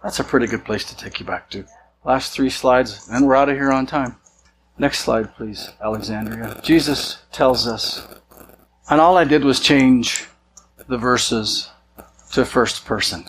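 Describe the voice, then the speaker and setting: A man's voice: mid-range voice, a little slow, a little hiss or hum, low-quality recording. Conversational man preaching a sermon. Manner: conversational preaching, acts out quoted voices. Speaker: pastor.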